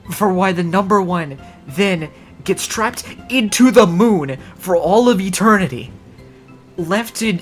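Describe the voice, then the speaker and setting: A woman streamer chatting casually on a livestream, rambling in a wry, sarcastic way. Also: medium pitch.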